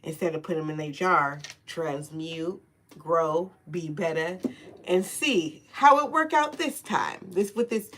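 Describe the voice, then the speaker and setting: A woman's voice: low-pitched, unhurried, a bit bright, a little hiss or hum. Laid-back profane woman tarot reader. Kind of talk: casual spiritual tarot reading.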